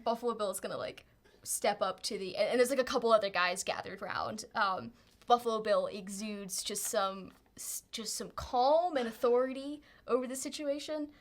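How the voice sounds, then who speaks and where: A woman's voice: a little high, fairly even intonation, normal speed. A woman narrating a tabletop game as game master in a rambling, hesitant way, with frequent ums and laughs.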